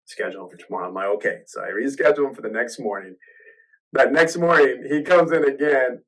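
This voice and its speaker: A man's voice: mid-range voice, fairly quick, fairly bright tone, recorded from a distance, low-quality recording. A man hosting a podcast, telling a personal story in a casual, rambling way, full of restarts and acted-out quotes. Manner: rambling, restarts often, acts out quoted voices.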